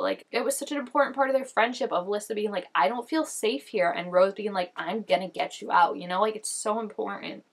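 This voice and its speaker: A woman's voice: mid-range voice, gravelly. A young woman giving casual reaction commentary, chatty and full of "like", gasping and exclaiming as she watches. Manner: chatty, lots of "like", gasps and exclaims while watching. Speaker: reaction vlogger.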